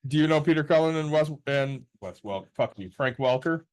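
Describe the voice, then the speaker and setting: A man's voice: on the high side, expressive, a little fast, a little mellow, clear, resonant tone. A man in his forties co-hosting a podcast, eagerly pushing on with his story in casual chat. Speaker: podcast co-host.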